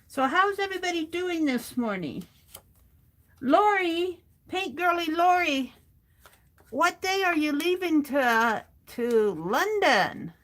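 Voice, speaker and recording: A middle-aged woman hosting an art journaling livestream, chatting warmly with viewers by name and reading their comments aloud while she works. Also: very high-pitched, very animated, slow. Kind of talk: casual chat while crafting.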